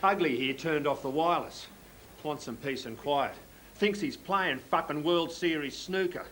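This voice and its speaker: An actor playing a belligerent male pub regular with an Australian accent, loud and abusive. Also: a little high, expressive, fast talker, slight background noise, poor audio. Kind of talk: film drama acting.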